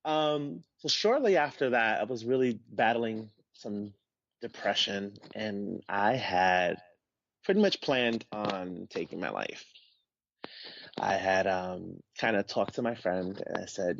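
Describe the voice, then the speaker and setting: Animated man telling a story. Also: lowish voice, slow, vocal fry, a little hiss or hum. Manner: animated, acts out quoted voices. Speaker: podcast guest. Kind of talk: casual personal storytelling. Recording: dull, dry podcast audio.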